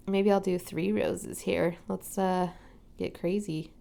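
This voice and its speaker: A young woman chatting casually while she paints, soft-spoken and often slipping into a whisper as she works. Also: medium pitch, vocal fry. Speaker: watercolor crafting vlogger.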